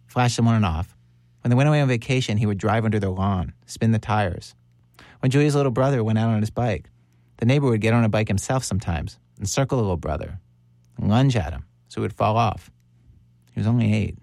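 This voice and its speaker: Calm low-voiced male narrator. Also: brisk, dry recording, clean studio sound. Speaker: host and interviewer. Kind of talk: narrated documentary storytelling with interview questions.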